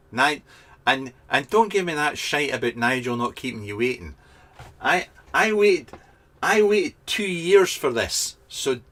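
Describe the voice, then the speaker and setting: A man's voice: medium pitch, sharp tone. Scottish man chatting through a webcam. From Scotland. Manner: chatty and jokey, full of ums and restarts, swears casually. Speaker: vaping product reviewer reading viewer comments. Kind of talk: casual live chat vlog. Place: garden shed.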